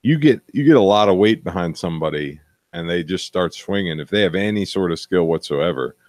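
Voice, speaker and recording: Deep dry-sounding podcast man. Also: animated, brisk, a little mellow, dry recording. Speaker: podcast co-host. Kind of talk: casual chat over drinks.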